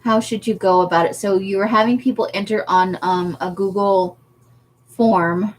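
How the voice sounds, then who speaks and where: A woman's voice: mid-range voice, steady tone, moderate pace. A woman chatting casually on a craft livestream, laughing often as she answers viewer comments. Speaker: livestream host.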